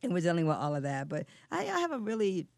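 A middle-aged woman poet from Detroit, chatting in an interview and telling lively stories, acting out what people said. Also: on the low side, fast talker, gravelly, no echo, clean studio sound. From Detroit, USA. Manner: animated storyteller, acts out quotes, laughs often. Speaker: poet and guest. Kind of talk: casual interview chat.

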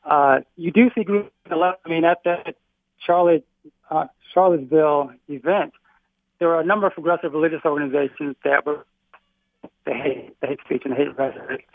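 Male professor guest, explanatory and measured, slightly high voice, narrow dry audio. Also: no echo. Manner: measured, explanatory, self-correcting. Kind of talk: radio discussion. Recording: phone-like narrow sound.

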